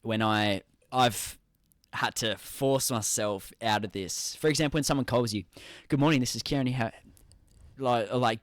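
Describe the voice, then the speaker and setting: An Australian man hosting a podcast, asking questions eagerly and agreeing warmly with his guest. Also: on the low side, a little slow, no room sound, studio quality. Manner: enthusiastic, agreeable, frequent affirmations. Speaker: podcast host. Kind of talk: interview conversation.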